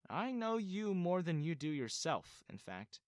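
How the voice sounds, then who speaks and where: A man voicing a young stepmother who speaks gently and calmly. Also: high voice, a little slow, no echo, studio quality, voice pushed up. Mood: gentle calm. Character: young stepmother, sweet and calm.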